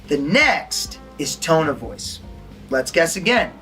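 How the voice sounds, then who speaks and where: A man's voice: a little high, sing-song, slow pace, bright, forceful tone, faint music behind. A man teaching a lesson as an acting instructor, quizzing his listeners and acting out tones of voice. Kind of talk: recorded lesson to an audience.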